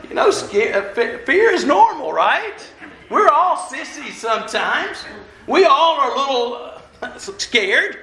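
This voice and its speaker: A high, sharp voice belongs to a minister moving around while he gives a down-home, self-deprecating sermon. The talk is conversational, and the echoey church hall setting is audible in the recording.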